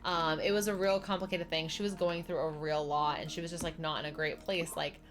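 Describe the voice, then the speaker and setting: A young woman chatting casually on a game stream, telling lively stories and acting out the people in them. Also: brisk. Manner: chatty storyteller, acts out quoted people with big pitch jumps. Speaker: streamer chatting while playing.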